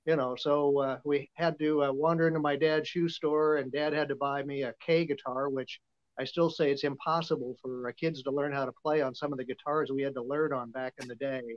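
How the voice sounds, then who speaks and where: A man's voice: medium pitch, steady tone, brisk. A man in his seventies, from Nebraska, telling stories as a podcast guest in a folksy, rambling way with many fillers. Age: 70s. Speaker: guest, vintage guitar dealer. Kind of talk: casual storytelling. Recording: dull, lo-fi sound.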